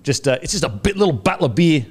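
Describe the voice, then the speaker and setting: A man's voice: a little high, very animated, fast, slightly rough. Australian man hosting a sports podcast. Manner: banter-heavy, swears freely, plugs sponsors. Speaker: podcast host. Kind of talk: casual sports podcast chat. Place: podcast studio.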